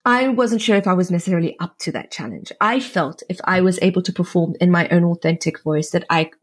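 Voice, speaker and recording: Husky, chatty woman actress. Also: fairly low pitch, fairly quick. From South Africa. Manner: animated, chatty, with many restarts and "like". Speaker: audiobook narrator and actress. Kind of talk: conversational interview.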